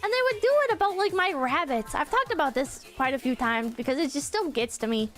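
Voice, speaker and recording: Young female streamer, high-pitched, loose rambling delivery with frequent fillers; soft music bed. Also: animated, a little fast. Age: young adult. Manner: rambling, frank, swears often, many fillers. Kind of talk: casual stream chat.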